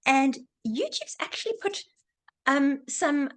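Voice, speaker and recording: Female teacher, earnest, higher voice, video-call class, repetitive build. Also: lively intonation, takes it slowly, fairly bright tone. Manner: earnest, builds by repeating phrases. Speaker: Torah teacher. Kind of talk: online class talk.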